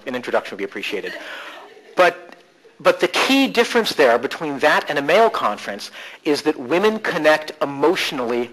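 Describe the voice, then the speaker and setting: A man speaking to a conference audience in a humorous, animated storytelling style. His voice sits somewhat high for a man, and his jokes come one after another in a live presentation. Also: poor audio. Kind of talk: humorous live keynote talk. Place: conference session room.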